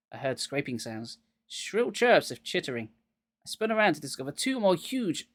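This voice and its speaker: A man's voice: on the high side, dry recording. A man getting over a cold, reading a children's horror book aloud live and dropping wry jokes between passages.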